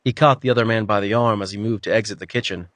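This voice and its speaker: A man narrating an audiobook with an even, storytelling delivery. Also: fairly low pitch, fast talker, dry recording. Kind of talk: scripted narration.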